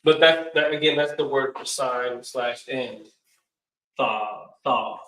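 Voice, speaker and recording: A man teaching a class in a casual way, calling out each word loudly for the students to repeat. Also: medium pitch, fairly even intonation, measured pace. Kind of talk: classroom lesson, call and response. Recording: echoey room, far from the mic.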